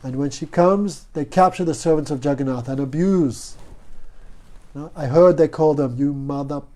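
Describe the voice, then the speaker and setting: A man's voice: fairly high pitch, moderate pace, darkish tone. A man teaching a devotional class in a storytelling way, often asking his listeners "no?". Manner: storytelling, asks the audience "no?" often. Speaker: spiritual teacher.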